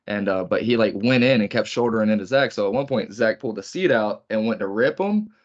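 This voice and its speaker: Low-voiced man, profane storyteller. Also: lively intonation, fairly quick, highs cut off. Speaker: podcast co-host. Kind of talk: casual chat.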